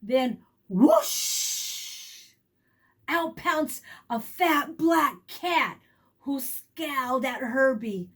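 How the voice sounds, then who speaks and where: Woman teacher, storybook read-aloud, high lively voice, slow unhurried delivery. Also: slightly rough. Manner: warm, animated storytelling with questions to children. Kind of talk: reading a picture book aloud to children.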